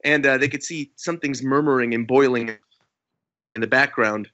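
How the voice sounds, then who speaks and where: Bright, animated male podcast host. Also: medium pitch, moderate pace, highs cut off. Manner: animated storyteller, acts out quotes. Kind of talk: casual chat, recapping a comic chapter.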